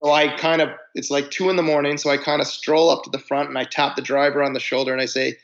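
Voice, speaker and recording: Speaking quickly with few pauses, another musician guest rambles through casual touring stories in this storytelling interview, frequently interrupting himself to start over. His fairly high voice stays level, with a fairly bright tone and clipped highs.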